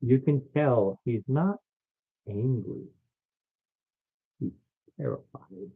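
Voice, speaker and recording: A man's voice: on the low side, fairly quick, husky. A stuffed-up man running a tabletop game, laughing and explaining how his characters feel. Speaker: game master. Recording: phone-like lo-fi recording.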